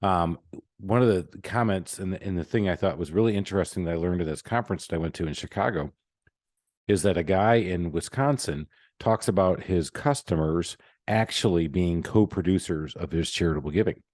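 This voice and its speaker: A man hosting a podcast, chatting casually with jokes at his own expense in quick run-on bursts. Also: deep voice, darkish tone, no echo, studio quality. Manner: joking, self-mocking, talks in quick run-on bursts. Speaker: podcast host.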